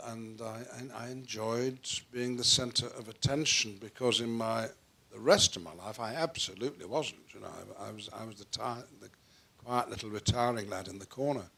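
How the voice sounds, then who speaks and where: Older male actor, polished RP over northern roots, theatrical, given to sudden loud bursts. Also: medium pitch, creaky. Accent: Received Pronunciation with faint northern English traces. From Northwest England. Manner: theatrical, playful, with frequent restarts and sudden swings in loudness. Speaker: guest actor. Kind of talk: onstage interview conversation. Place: theatre stage before an audience.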